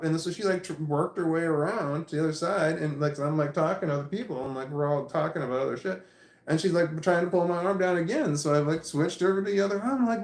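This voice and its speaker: A man vlogger casually telling a story to camera, animated and profane, often repeating himself as he recounts it. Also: fairly high pitch, fast. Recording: roomy echo.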